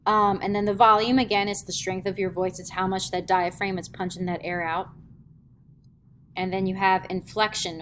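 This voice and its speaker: A woman's voice: on the low side, a little hiss or hum. Chatty woman teaching a theatre class. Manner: chatty, explains with quick demonstrations and many "um"s. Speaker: middle school theatre teacher. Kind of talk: classroom lecture. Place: school classroom.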